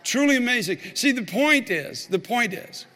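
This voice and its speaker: A man's voice: extremely high pitch, expressive, normal speed, bright, forceful tone, big-room sound. A man, a pastor, telling a story in a sermon and building to fervent, emphatic preaching.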